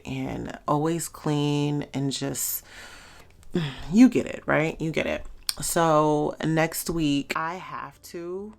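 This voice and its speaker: A woman's voice: sits low, vocal fry. A young adult woman talking casually to camera in her vlog, chatty and heartfelt, with frequent fillers. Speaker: vlogger.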